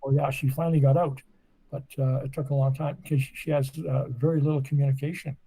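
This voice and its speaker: Heard on a rough recording, this podcast guest, a Nova Scotian in his eighties, talks fast while casually rambling through long stories. His medium-pitched voice moves little in pitch and is mellow and slightly rough.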